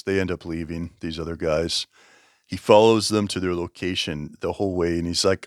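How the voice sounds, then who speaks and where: A man's voice: low-pitched, unhurried, fairly bright tone, dry recording, clean studio sound. A man casually reviewing a book, rambling, correcting himself and chuckling as he talks. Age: over 20.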